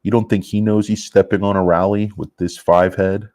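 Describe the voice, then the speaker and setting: A man's voice: fairly low pitch, little pitch movement, normal speed, a little mellow, no echo, studio quality. A man hosting a stock market vlog in a blunt, profane, sarcastic rant. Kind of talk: casual ranting vlog.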